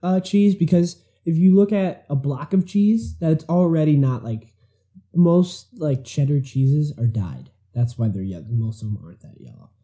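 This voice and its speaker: Man, very dark mellow voice, casual rambling chat, lots of fillers. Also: on the high side, expressive, normal speed. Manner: rambling, filler-heavy, laughs often.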